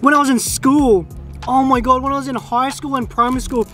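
A man's voice: very high-pitched, steady tone, a bit bright, soft background music. A young Australian man chatting casually to camera outdoors while trying food, easygoing and talkative. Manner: chatty, easygoing, drawn-out mm sounds while tasting. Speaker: food vlogger. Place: quiet open field outdoors.

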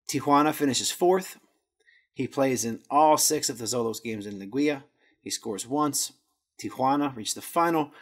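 A man with a slightly husky voice runs a casual podcast recap from his notes. He tosses in jokey asides and trips over Spanish words as he goes. His pitch sits in a middle range. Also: fairly bright tone. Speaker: podcast host.

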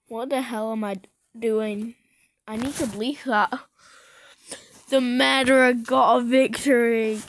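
A woman chatting casually with a friend while playing an online game for her video, excitable and giggly, with sudden shrieks. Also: on the high side, takes it slowly, pauses often, slight background noise. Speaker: gaming video creator. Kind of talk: casual gameplay chat with a friend.

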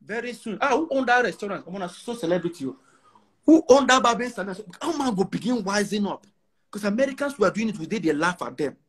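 A man with a Nigerian accent speaks in a husky, fairly high voice. He talks brashly and defiantly in an interview, hammering points home by repeating phrases. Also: lively intonation, fast. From northern Nigeria. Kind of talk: boastful interview talk.

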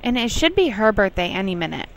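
A young woman casually commentates her life-sim let's play, chatting to herself and scolding her characters in exasperated asides. Her mid-range voice is sing-song and fast, on a rough recording with a little hiss or hum.

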